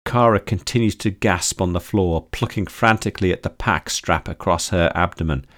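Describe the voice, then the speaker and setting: Male narrator for audiobook fiction, slightly low voice, steady and measured. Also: dry recording, clean studio sound. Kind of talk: scripted narration.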